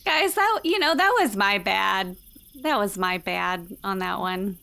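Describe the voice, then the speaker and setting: A woman's voice: mid-range voice, a little slow, gravelly, bright, forceful tone. A woman playing in a tabletop game, rambling in a self-conscious, apologetic way. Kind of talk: casual chat.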